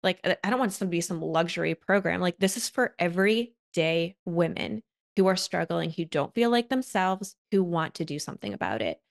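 A woman's voice: fairly low pitch, animated, a little fast, vocal fry, few pauses. A woman hosting a podcast and chatting casually about her coaching, heartfelt and with frequent "like" fillers. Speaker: podcast host and wellness coach.

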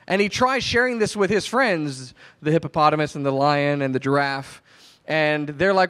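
Slightly high-voiced storytelling pastor. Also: male voice, moderate pace. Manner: conversational storytelling, animated retelling. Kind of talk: sermon.

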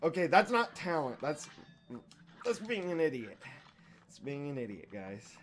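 A young man narrating his own boss fight in a casual let's-play, his pitch leaping wildly from mutters to shouts. He talks slowly and curses freely, and faint music plays behind him. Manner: profane, excitable, yelling at the boss. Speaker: gaming YouTuber.

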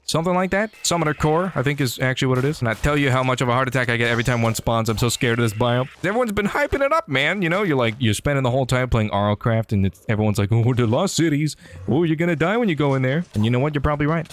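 A man giving excitable, joking commentary over his gameplay, often talking back to enemies on screen. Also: mid-range voice, quick pace. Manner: excitable, jokey, talks to enemies. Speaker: gaming YouTuber. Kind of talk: game commentary.

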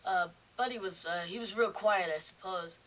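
A young actor playing a shy teenage boy from Brooklyn who talks in a hesitant, halting way, in a film drama. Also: high-pitched, bright, forceful tone, recorded from a distance, poor audio. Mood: earnest. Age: teen. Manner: hesitant, halting, lots of ums. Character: shy Brooklyn teen boy, music fan. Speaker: fan club president.

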